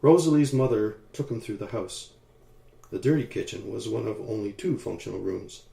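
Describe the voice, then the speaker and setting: Mellow-voiced male audiobook narrator. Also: fairly low pitch, vocal fry. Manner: calm, measured storytelling. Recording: roomy echo.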